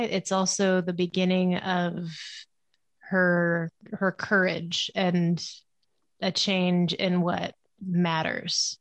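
A woman's voice: lowish voice, no room sound, muffled recording. A woman in a casual book discussion, reflective and analytical. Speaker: podcast guest.

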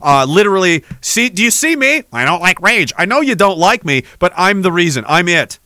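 A man's voice: high-pitched, very animated, normal speed, bright, forceful tone, no room sound. A man hosting a podcast, ranting in an angry, profane, sarcastic way. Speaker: podcast host.

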